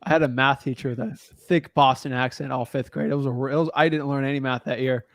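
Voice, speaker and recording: A man's voice: medium pitch, fairly even intonation, quick pace, vocal fry, fairly bright tone, no room sound. A man coaching a newcomer on real estate wholesaling in a casual, blunt, slangy way.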